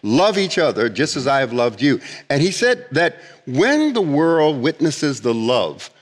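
Male Bible teacher, emphatic, animated delivery, reverberant room. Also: mid-range voice. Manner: emphatic, repeats himself, reads scripture slowly.

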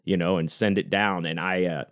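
A man hosts his own podcast in a loose, rambling monologue, dropping casual profanity as he goes. His voice sits low, and the sound is dry, with no room echo. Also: fairly even intonation, moderate pace, fairly bright tone. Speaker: podcast host.

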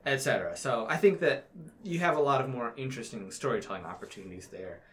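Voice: mid-range voice, lively intonation, quick pace. A tabletop player explaining their character choices in casual chat. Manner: explains rules thoughtfully.

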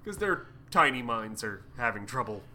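A man's voice: medium pitch, big pitch swings, normal speed, sharp tone, slight background noise. A man co-hosting a podcast, telling a story in a laughing, profane, casual way. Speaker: podcast co-host. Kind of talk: casual comic recap chat.

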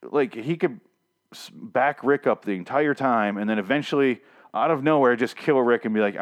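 A man's voice: medium pitch, normal speed. A man casually recapping a comic series, rambling and swearing, with lots of restarts and fillers. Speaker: comic reviewer.

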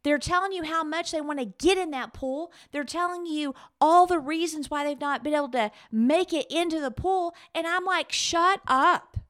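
Animated high-voiced woman storyteller. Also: normal speed, few pauses. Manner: animated, emphatic retelling with laughs. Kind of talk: casual conversation, storytelling.

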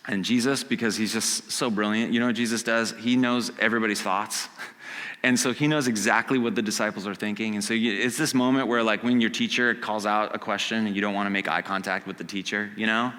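A man preaching a casual, conversational sermon. He acts out quotes and swings from hushed to loud. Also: fairly low pitch, fairly even intonation, fairly quick, big-room sound. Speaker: pastor. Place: church sanctuary.

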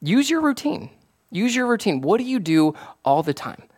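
A man, a pastor, preaching a casual, conversational sermon that rises to excited emphasis. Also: sits high, moderate pace. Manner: animated, rising to excited emphasis.

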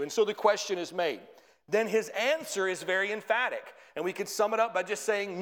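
A man preaching a sermon as pastor, emphatic, rising in pitch and force on his key points. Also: a little fast, fairly bright tone. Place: church sanctuary. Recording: long reverb of a church hall.

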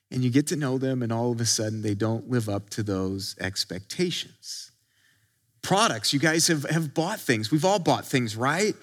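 A man's voice: on the high side, normal speed, fairly bright tone. A male pastor preaching a conversational sermon, acting out quotes and often restarting his sentences.

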